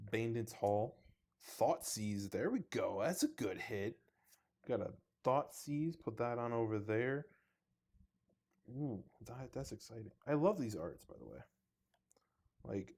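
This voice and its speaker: A man's voice: on the low side, darkish tone. A man chatting casually as he opens trading card packs, reading card names aloud and joking at his own expense. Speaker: card box opening host. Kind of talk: casual unboxing commentary. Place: indoors under two large lights.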